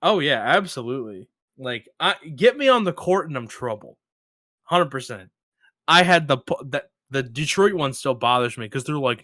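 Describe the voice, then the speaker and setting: A man hosting a casual interview, talking loosely and getting animated when he retells a story. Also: medium pitch, moderate pace, dry recording, studio quality. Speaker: podcast host.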